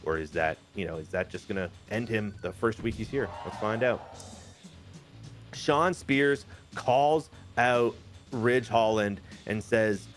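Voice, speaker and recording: A man casually telling the story of his wrestling game matches, jokey and animated. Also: slow pace, faint music behind. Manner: animated, jokey, briefly puts on high-pitched character voices. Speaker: host booking a wrestling game.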